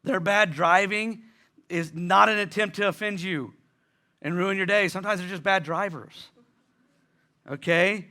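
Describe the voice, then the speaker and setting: A man's voice: sits high, a little slow, long pauses, sharp tone. A male pastor, preaching a sermon in a conversational way, acting out inner voices and repeating lines for emphasis.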